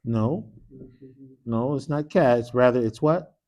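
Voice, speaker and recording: A man with a warm, mid-range voice and a slightly slow delivery teaches Arabic in a mosque classroom. He quizzes the class with repeated "what?" prompts, drilling call-and-response and mixing short Arabic phrases into his English.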